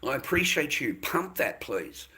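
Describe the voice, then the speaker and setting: An older man chats to his livestream audience, rambling and circling back on his own words. His voice is husky, and he drifts between loud bursts and low mutters. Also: very animated, unhurried. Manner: rambling, repeats himself, calls viewers mate and boys.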